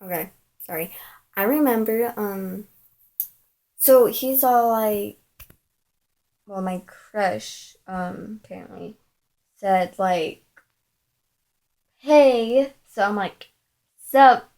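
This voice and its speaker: Woman vlogger, slow and rambling, casual storytelling with lots of "like". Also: mid-range voice, steady tone, gravelly, a little mellow. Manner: rambling, with lots of "like" and "I'm all like".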